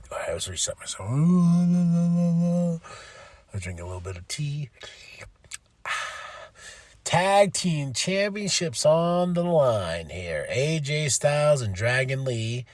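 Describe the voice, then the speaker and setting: A man hosting a casual solo podcast recap. He is excitable and animated, swears freely, laughs often and mimics the people he talks about. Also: on the high side, slow, no echo. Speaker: podcast host.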